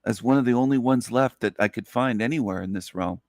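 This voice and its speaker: A man talking slowly and earnestly in a solo monologue, sleepy after a night awake, repeating his phrases. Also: medium pitch, no room sound, clean studio sound. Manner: slow, earnest, repetitive phrasing. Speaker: channel host.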